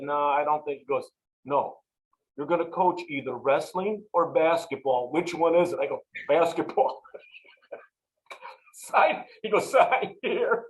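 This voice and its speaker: A man's voice: fairly high pitch, rough recording. A man, a longtime football coach, telling stories in an interview and acting out the exchanges he quotes. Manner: animated, acts out quoted exchanges. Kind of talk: storytelling interview.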